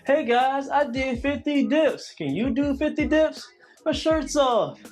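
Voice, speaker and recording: A man's voice: very high voice, animated, measured pace, darkish tone, soft background music, voice pushed up. A man putting on the voice of a boastful young gym show-off who brags for attention. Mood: mocking. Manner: bragging, attention-seeking mockery.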